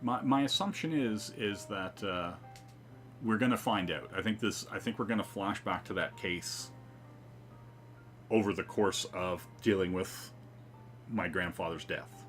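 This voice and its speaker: A man's voice: deep voice, unhurried, a bit bright, faint music behind. A man giving loose, profane commentary while playing a story game and reading its dialogue aloud. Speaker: let's-play host. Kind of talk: casual gameplay commentary.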